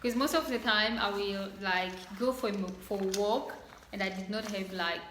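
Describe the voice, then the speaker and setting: A woman's voice: medium pitch, normal speed, fairly bright tone, echoey room, a little hiss or hum, low-quality recording. A young woman from Congo doing a casual unboxing chat, bubbly and gushing, laughing often. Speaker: vlogger.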